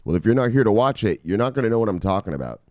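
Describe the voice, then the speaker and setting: A man hosting a casual crypto vlog, talking loosely and with profanity, shouting "bang" as a catchphrase. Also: on the low side, very animated, racing, no room sound, studio quality. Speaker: crypto news host. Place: home studio in South Beach.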